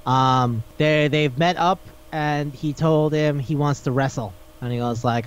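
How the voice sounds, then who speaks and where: A young man co-hosting a casual podcast, swearing a lot and acting out characters in animated voices. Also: fairly high pitch, normal speed, hardly any pauses, clean tone. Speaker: podcast co-host. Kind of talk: casual chat about anime. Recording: dull lo-fi podcast recording.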